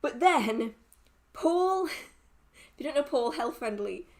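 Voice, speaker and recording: A young woman chats loosely on a livestream, answering viewer questions. Her voice sits a little high, and she rambles, restarts her sentences and laughs often. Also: slow pace. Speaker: livestream host.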